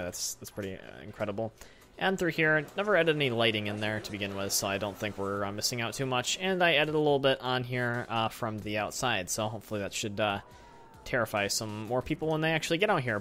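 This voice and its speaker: A man's voice: mid-range voice, pushed and bright, a little hiss or hum. A man hosting a let's play, talking through building a theme park with lots of fillers and self-corrections. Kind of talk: game commentary.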